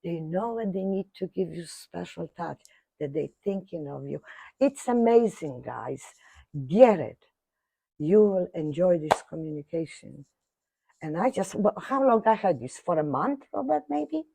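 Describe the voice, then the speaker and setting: An older woman telling a personal story in animated fashion, acting out other people's voices, with non-native grammar. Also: lowish voice, unhurried, vocal fry, breathy edge, dry recording. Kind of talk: animated anecdote.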